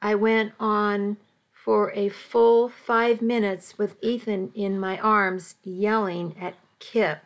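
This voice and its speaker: A woman's voice: medium pitch, level tone. A woman narrating a first-person story as an amateur audiobook, stopping now and then to restart a line. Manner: slow, with restarts and slips.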